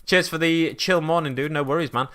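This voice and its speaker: A man's voice: fairly high pitch, fairly even intonation, brisk, a bit bright. A man chatting casually on a live stream at his hobby desk, reading the chat aloud and rambling along. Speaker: miniature-painting streamer.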